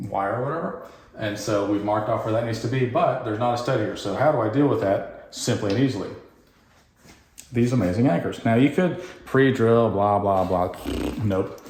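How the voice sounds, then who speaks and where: A man hosting a home renovation vlog, demonstrating fixes in a deadpan, joking way. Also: fairly low pitch. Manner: deadpan jokey, puns and mock anger. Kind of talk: joking DIY how-to vlog. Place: house under renovation, indoors. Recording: echoey bare room, faint noise.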